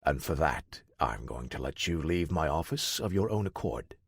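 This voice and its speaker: A man's voice: extremely low pitch, animated, normal speed, vocal fry, slightly rough, dry recording, clean studio sound, pitched below the performer's own voice, heavily acted. A man as a cold, menacing crime boss.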